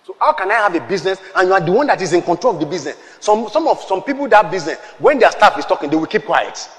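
High-voiced preacher in a reverberant hall. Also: male voice, very animated, very fast. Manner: emphatic preaching, shouted peaks, call-and-response. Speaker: pastor. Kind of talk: sermon.

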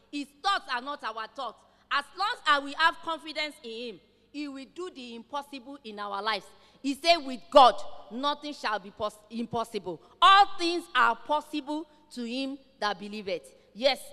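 A woman preaches with fervent, emphatic conviction, her voice high and bright. Her words ring out with a long reverb trailing behind them, as if she stands in a large church hall. She presses each point home with rising intensity. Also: animated, normal speed. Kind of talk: sermon.

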